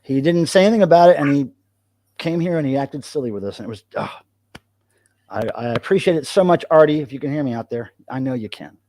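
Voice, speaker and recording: An American man hosting a casual livestream, rambling and animated as he chats with a co-host. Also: a little high, quick pace. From United States. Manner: rambling, animated, talks to his cat in a soft baby voice. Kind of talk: casual live-stream chat.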